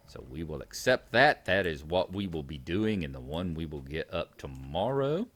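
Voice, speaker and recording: A man's voice: low-pitched, very animated, moderate pace, hardly any pauses, a bit bright, dry recording. A man hosting a game video, reading quest text aloud and chatting casually about the game. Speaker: gaming channel host. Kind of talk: casual gameplay commentary.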